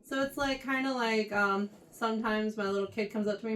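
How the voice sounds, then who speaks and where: A woman teaching a Bible lesson to a youth class, animated and often checking in with her listeners. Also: a little high, fairly quick, a little hiss or hum. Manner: animated, keeps checking in with "right?". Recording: voice heard from far off the mic.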